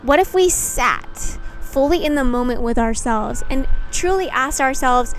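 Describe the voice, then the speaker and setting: This young YouTube creator has a high voice with lively intonation, speaking unhurriedly with few pauses while faint music plays in the background. She rambles candidly and reflectively to camera, saying "like" a lot and swearing now and then.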